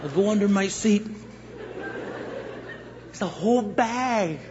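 A middle-aged man preaching a testimony sermon as a guest pastor, acting out scenes and swinging from loud to hushed. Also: high voice, slow pace. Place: church sanctuary. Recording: dull recording with long hall reverb, faint noise.

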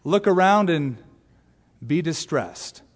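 A man preaching an expository sermon as pastor, animated and acting out little voices. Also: on the high side, slow pace, long reverb tail. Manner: animated, acts out voices and exaggerated asides. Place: large church sanctuary.

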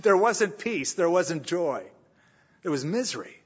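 A man's voice: a little high, big pitch swings, a little slow, breathy edge, lo-fi sound. A man preaching a sermon as pastor, telling stories and acting out the people he quotes. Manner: storytelling, acts out quoted voices. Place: church sanctuary.

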